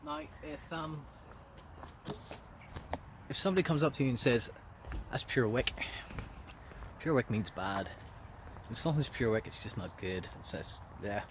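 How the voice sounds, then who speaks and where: Northern Irish man, mid-pitched, relaxed and chatty, self-filmed outdoors with faint traffic behind. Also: moderate pace, pauses often. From Northern Ireland. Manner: chatty, easygoing, friendly asides. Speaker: vlogger. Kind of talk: casual explainer chat. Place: outdoors in a local park. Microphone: handheld camera or phone, self-filmed.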